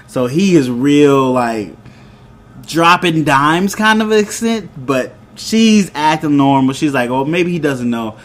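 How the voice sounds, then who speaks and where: A man in his thirties casually recapping a TV episode, rambling and retelling scenes with quoted lines and chuckles. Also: a little high. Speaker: show host reviewing a TV episode.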